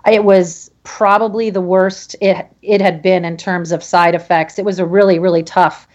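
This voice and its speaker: Halting woman guest on dull remote audio. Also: on the low side, flat delivery, darkish tone. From Connecticut. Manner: halting, many restarts and fillers. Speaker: podcast guest. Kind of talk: emotional personal story.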